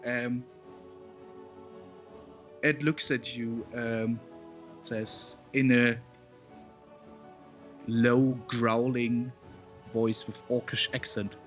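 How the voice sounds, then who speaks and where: A man's voice: mid-range voice, level tone, very slow, long pauses, muffled recording, faint music behind. A man narrating as game master over a voice call, with many hesitant ums. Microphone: headset over voice call.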